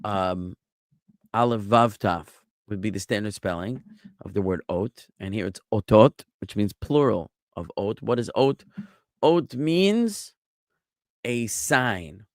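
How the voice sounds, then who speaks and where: A man's voice: on the low side, lively intonation, slow, no echo, studio quality. A man teaching Biblical Hebrew grammar to a class, patiently drilling word forms and quizzing his students with questions.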